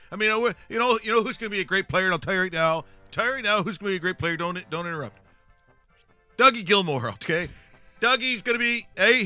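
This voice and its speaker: A man's voice: high-pitched, sharp tone, no room sound, pitched above the performer's own voice. A man putting on a brash, ranting older hockey pundit who tags his lines with "eh" and won't be interrupted.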